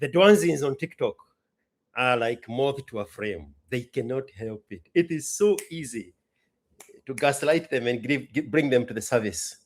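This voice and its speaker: A man's voice: medium pitch, animated, normal speed. Exasperated Kenyan man ranting. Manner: exasperated, mocking rhetorical questions. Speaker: host. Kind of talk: ranting commentary.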